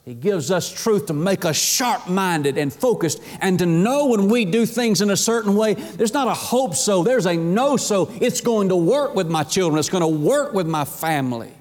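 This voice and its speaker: A man's voice: sits high, expressive, moderate pace, hardly any pauses, a little mellow, in a large hall. A man preaching a sermon with passion, repeating phrases for emphasis. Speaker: pastor.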